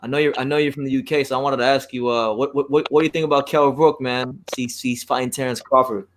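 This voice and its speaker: Fast-talking man hosting. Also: mid-range voice, steady tone, a little hiss or hum. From South Florida. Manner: fast, stammering, enthusiastic. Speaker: host. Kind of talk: casual chat.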